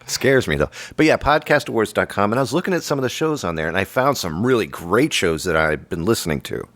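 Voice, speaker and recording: A man hosting a comedy podcast, with a low voice that swings up and down as he jokes and teases. The sound is dry and close to the mic. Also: lively intonation, fast, a bit bright, no echo. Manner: joking, playful teasing. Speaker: podcast host. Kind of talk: casual comedy banter.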